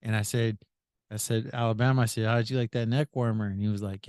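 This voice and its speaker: A male podcast host spins a rambling story, looping back with "I said" and chuckling along the way. His voice sits at a middle pitch, and the recording is dry and close. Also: little pitch movement, fast, a little mellow, no echo. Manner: retells with many "I said", laughs often. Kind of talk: casual storytelling.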